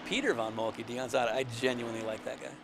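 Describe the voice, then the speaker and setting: A man's voice: mid-range voice, level tone, quick pace, vocal fry, heavy background noise. A man co-hosting a casual racing chat over a video call, joking and sarcastic, slipping into mock play-by-play. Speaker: podcast co-host.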